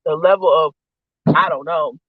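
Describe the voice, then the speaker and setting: High-pitched man, profane rambling streamer, dry close sound, muffled lo-fi. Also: steady tone, moderate pace, no room sound. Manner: profane, ranting and venting. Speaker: live-stream host. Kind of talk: casual rambling live-stream chat while eating.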